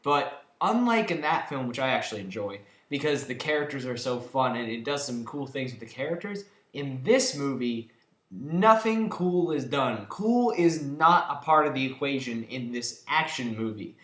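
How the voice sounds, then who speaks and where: A man's voice: medium pitch, expressive, moderate pace, a bit bright. A man giving a countdown of films he disliked, talking in an emphatic, sarcastic and exasperated way. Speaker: film reviewer. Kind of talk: ranting countdown review. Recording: echoey room.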